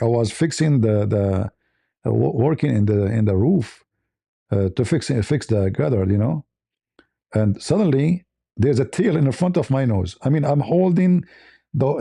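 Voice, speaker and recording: A man's voice: creaky, dark tone, breathy edge, dry recording, studio quality. A man hosting a casual talk show, rambling through a story with many restarts and fillers. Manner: rambling, many restarts and fillers, squeaky voices when quoting. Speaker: host.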